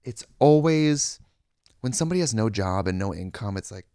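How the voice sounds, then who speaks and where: A man's voice: on the low side, lively intonation, normal speed, dark tone, dry recording, clean studio sound. A man co-hosting a podcast in casual chat, rambling and slipping into mimicking voices. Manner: rambling, puts on mimicking voices in quoted bits. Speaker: podcast co-host.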